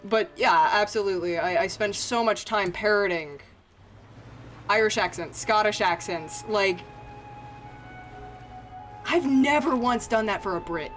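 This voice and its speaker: An American woman streams a video game and chats casually with viewers, her humor self-mocking and foul-mouthed, with lots of laughing and free swearing. Her medium-pitched, slightly bright voice moves a little slowly with frequent pauses. Soft music plays in the background.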